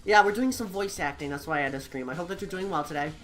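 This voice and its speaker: A woman streaming a game playthrough, her voice raspy from allergies, chatting and giggling with viewers between voiced scenes. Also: lowish voice, fast talker. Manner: chatty, giggly asides to chat.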